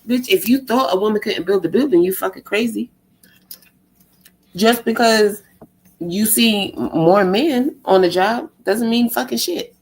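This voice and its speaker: A woman's voice: mid-range voice, normal speed, darkish tone, rough recording. A woman ranting in a profane monologue, exasperated and sarcastic, firing off rhetorical questions. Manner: exasperated, sarcastic, heavy swearing; fires rhetorical questions, mocks others in a put-on tone. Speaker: vlogger.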